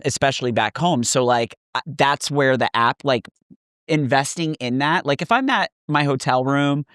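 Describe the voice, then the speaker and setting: A man co-hosting a podcast, speaking in relaxed, reflective casual chat with many fillers. His voice is smooth and resonant at a middle pitch. It is recorded dry and close. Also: dry recording. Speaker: podcast co-host.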